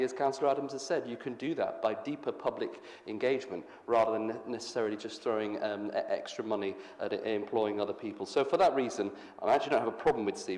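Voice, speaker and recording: A man speaking as a councillor in a council meeting debate, brisk, with small stumbles. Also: mid-range voice, darkish tone. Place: large council chamber. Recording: roomy hall reverb.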